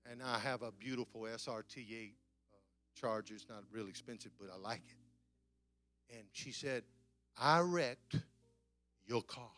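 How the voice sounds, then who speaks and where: A man's voice: fairly low pitch, fairly even intonation, normal speed, pauses often, a bit bright, faint music behind. A man preaching in a church, telling a story conversationally that builds to emphatic, repeated declarations. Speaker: guest preacher. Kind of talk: sermon. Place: church sanctuary.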